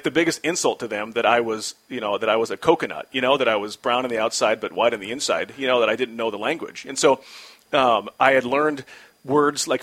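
An animated man in his forties tells a story as an interview guest. His pitch is average for a man. He restarts his sentences often and acts out the other people in his story. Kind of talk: casual storytelling.

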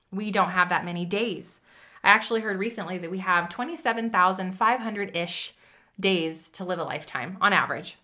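A woman's voice: medium pitch, bright, forceful tone. A woman hosting a podcast, giving an emphatic, chatty motivational monologue that speaks straight to the listener. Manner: emphatic, direct, addresses listener as friend; chatty with fillers and restarts. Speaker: podcast host.

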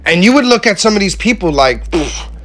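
A man's voice: high voice, big pitch swings, brisk, a bit bright, no room sound. A man giving a heartfelt, casual motivational talk to his viewers, using slang and emphatic repetition. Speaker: vlogger speaking to his audience.

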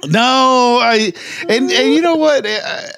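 A man's voice: very high voice, slow, gravelly, a bit bright. A man co-hosting a casual podcast chat, laughing often, swearing and trailing off into restarts.

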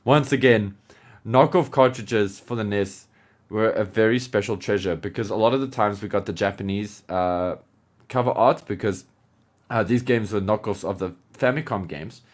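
A man co-hosting a podcast in casual chat, animated and laughing, with lots of filler words. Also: fairly low pitch, normal speed. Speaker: podcast co-host.

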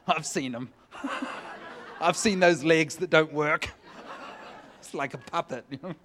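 A man preaching, telling a humorous personal story with lively, joking delivery. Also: fairly high pitch, takes it slowly, a faint crowd. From California. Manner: animated, jokey storytelling with laughs. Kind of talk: sermon storytelling.

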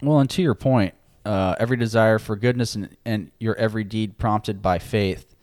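A man co-hosting a casual conversation about faith, easygoing and affirming, quick to joke. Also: fairly low pitch, darkish tone, dry recording, studio quality.

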